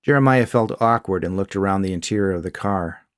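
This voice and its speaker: A man narrating a short fiction story in a measured, scripted storytelling style. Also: low-pitched, dry recording, clean studio sound.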